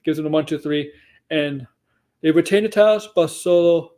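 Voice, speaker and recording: In a casual stream, a man runs through a wrestling show, rambling, self-correcting mid-sentence, and acting out what people said. He sounds a little high and mellow, at a moderate pace.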